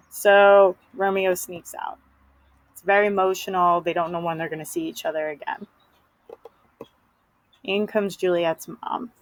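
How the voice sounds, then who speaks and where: A woman's voice: medium pitch, fairly even intonation, measured pace, no room sound, rough recording. A woman teacher giving a casual, chatty lesson summary, full of fillers.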